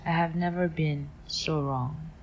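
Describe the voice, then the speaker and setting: A young woman from Nigeria telling a personal story in a wry, animated way. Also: deep voice, a little slow, slight background noise. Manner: wry, animated retelling with acted quotes. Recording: lo-fi with faint music.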